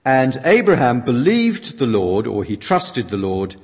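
A man's voice: mid-range voice, sing-song, slow pace, long pauses, husky. A man preaching a sermon that is interpreted line by line, reading his quotations out dramatically. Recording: long reverb of a large hall.

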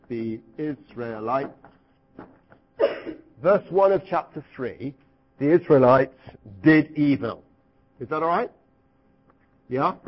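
A middle-aged man teaching the Bible to a live group, lively and questioning, sometimes acting out cries. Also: mid-range voice, breathy edge, lo-fi sound. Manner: asks the audience questions, lively, acts out cries.

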